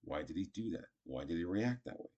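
A man's voice: deep voice, animated, brisk, a little mellow, husky, lo-fi sound. A man casually teaching improv, chatty and acting out short example lines. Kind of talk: casual instructional talk.

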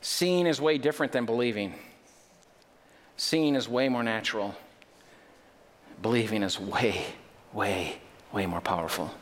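A man's voice: fairly low pitch, a little slow, pauses often. Emphatic male preacher in a reverberant hall. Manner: emphatic, with joking asides and rising intensity. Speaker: pastor. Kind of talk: sermon. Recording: long reverb of a large hall.

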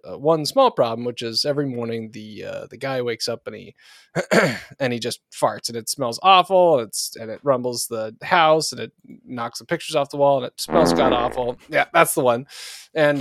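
Podcast co-host, male, mid pitch, dry close sound, rambling joke-teller who cracks himself up. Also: no room sound. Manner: rambling storyteller, laughs at own jokes. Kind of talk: casual joke-telling chat.

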